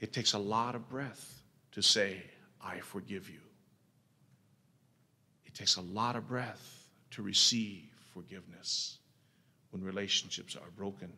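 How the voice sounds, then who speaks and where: A middle-aged man preaching a sermon as a pastor, telling stories with passion and swinging from loud cries down to hushed, near-whispered lines. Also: fairly low pitch, steady tone, unhurried, husky. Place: college chapel. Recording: chapel reverb from an old cassette tape.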